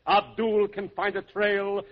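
A man's voice: high voice, monotone, takes it slowly. An actor playing a shrewd male camel dealer in a 1940s radio comedy, with sly salesman patter, on a dull old broadcast recording.

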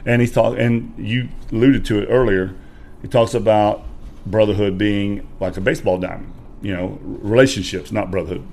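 A man's voice: on the low side, normal speed, gravelly, slight background noise. A man, a podcast guest, telling a personal story in casual chat and acting out quotes with energy. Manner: animated storyteller who acts out quotes loudly.

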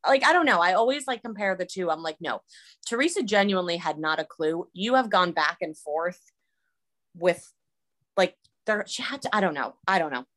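A woman's voice: on the low side, animated, moderate pace, fairly bright tone. A woman co-hosting a casual podcast about reality TV, talking animatedly with many fillers and acted-out quotes. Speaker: podcast co-host.

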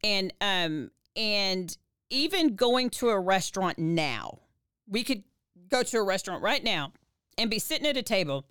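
Woman co-host, smooth clear voice, dry close sound, animated chatty storyteller. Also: measured pace, no room sound. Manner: animated, many restarts, pitch rises when reliving tears. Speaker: podcast co-host. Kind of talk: casual storytelling to her husband.

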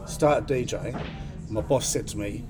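A man's voice: mid-range voice, unhurried, over music. A man in his fifties with an Australian accent, a fan and former DJ chatting and telling stories in a live interview. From England. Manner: chatty, storytelling. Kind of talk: casual chat in a live interview. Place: busy fan gathering. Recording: crowd noise behind.

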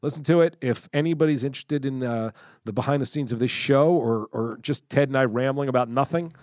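A middle-aged man co-hosting a podcast, telling animated stories with free swearing and acting out his own lines. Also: mid-range voice, fairly quick, no room sound, studio quality. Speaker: podcast co-host. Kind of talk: casual storytelling chat.

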